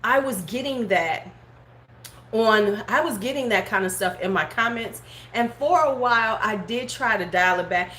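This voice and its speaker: A woman's voice: on the high side, moderate pace, bright, forceful tone. A middle-aged woman hosting a casual livestream beauty vlog, talking frankly and bluntly, laughing often and answering viewers' comments. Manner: talks back to live chat comments. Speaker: beauty vlogger host. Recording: roomy home room with faint background noise.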